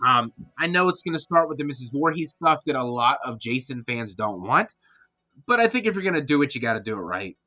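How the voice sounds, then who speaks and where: Horror stream host guy, super bright voice, rambly and hyped, dull-ish audio with faint music under it. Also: medium pitch, brisk, no room sound. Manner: rambling, answers chat messages, excitable. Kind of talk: casual live-stream chat.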